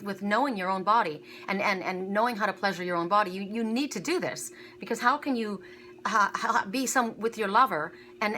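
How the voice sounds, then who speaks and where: Bright, tense-edged woman reader, earnest, halting, repeats herself mid-sentence. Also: medium pitch, a little hiss or hum. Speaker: spiritual card reader. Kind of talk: casual spiritual reading to camera.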